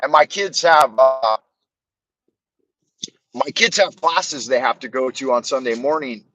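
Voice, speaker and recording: A man's voice: medium pitch, unhurried, bright, forceful tone, rough recording. A middle-aged man hosting a livestream, rambling and joking crudely as he talks to his chat. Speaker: livestream host.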